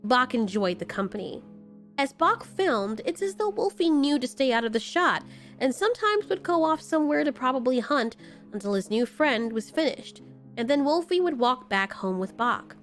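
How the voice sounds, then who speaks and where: A woman narrating a scripted horror story in a slow, measured way with dramatic pauses. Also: high-pitched, big pitch swings. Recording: faint background music.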